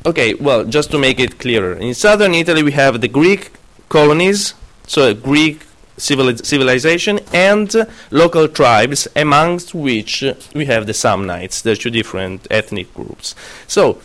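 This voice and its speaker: A man's voice: mid-range voice, lively intonation, moderate pace, few pauses, a bit bright. A man lecturing a class, often stopping to question students and correct himself.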